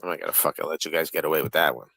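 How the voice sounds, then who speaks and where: A man's voice: a bass voice, very fast, vocal fry, pushed and bright, no room sound, rough recording. A man hosting a livestream panel, talking in a profane, taunting and combative way. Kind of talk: heated livestream panel chat.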